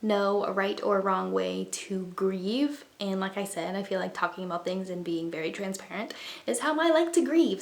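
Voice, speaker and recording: A young woman in her twenties chatting casually and rambling as she bakes in her apartment kitchen, laughing often. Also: on the high side. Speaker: vlogger. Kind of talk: casual chat while baking. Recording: echoey room, faint noise.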